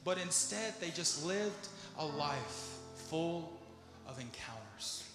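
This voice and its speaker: A man preaching a sermon, moving from soft, low musing to loud, pleading questions. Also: animated, slow pace. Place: church sanctuary. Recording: echoey church hall with music behind. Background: instrumental music.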